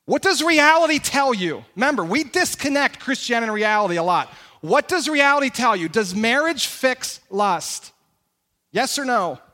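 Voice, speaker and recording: A man preaching a sermon as pastor, in an animated, conversational way and asking the congregation questions. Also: extremely high pitch, moderate pace. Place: church sanctuary.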